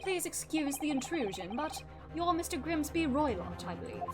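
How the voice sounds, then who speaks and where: A woman's voice: sits high, sing-song, moderate pace. A woman voicing an earnest young male lawyer, polite and questioning.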